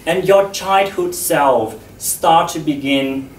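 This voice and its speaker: A man giving a public talk to an audience about voice, speaking in a slow, measured, expressive way. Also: a little high, a little hiss or hum. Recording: echoey hall, distant mic.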